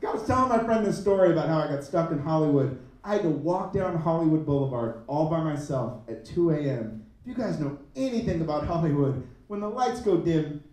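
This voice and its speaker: Animated man in his thirties doing stand-up. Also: brisk, very echoey, far from the mic, rough recording. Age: 30s. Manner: animated, swings pitch up for punchlines. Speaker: stand-up comedian. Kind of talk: stand-up comedy set. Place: comedy club stage.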